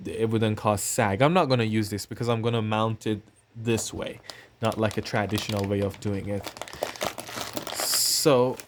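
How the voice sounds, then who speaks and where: A man's voice: mid-range voice, background noise. A man casually talking through an unboxing, rambling and thinking aloud with fillers and the odd cough. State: coughing now and then. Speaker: tech channel host.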